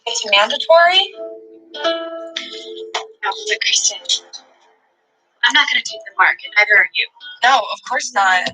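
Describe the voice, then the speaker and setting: A young churchgoing woman in a film, speaking in a high, bright voice. She talks in a natural, conversational way, as in ordinary movie dialogue. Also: expressive, a little slow, pauses often, faint music behind, poor audio. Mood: chatting.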